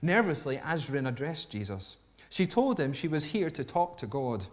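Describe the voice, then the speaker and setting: Man preaching with expressive storytelling. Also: fairly high pitch, normal speed. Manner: expressive storytelling, swinging between hushed and emphatic. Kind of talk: sermon with a read-aloud story.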